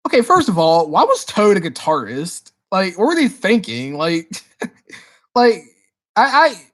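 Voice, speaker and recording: A livestream host with a high voice and measured pace runs a casual Q&A, reading chat questions aloud and answering excitably. He often repeats words as he restarts his sentences.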